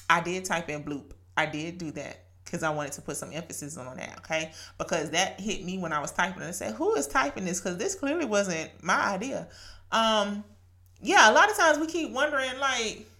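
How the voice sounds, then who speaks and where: A woman's voice: low voice, pushed and bright. A woman in her late thirties or forties hosting a podcast, giving an earnest, chatty devotional talk that she laces with laughter and scripture quotes. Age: late 30s to 40s. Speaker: podcast host.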